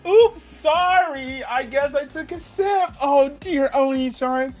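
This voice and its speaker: A man's voice: extremely high pitch, slow pace, darkish tone, pitched above the performer's own voice. A man voicing a clingy teenage anime girl, coy and teasing in a sing-song tone.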